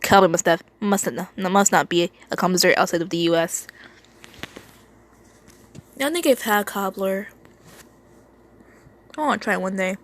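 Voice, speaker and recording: A woman's voice: medium pitch, moderate pace, long pauses. A woman reading a fan story aloud, often stumbling, repeating words and stopping to make asides. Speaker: reader.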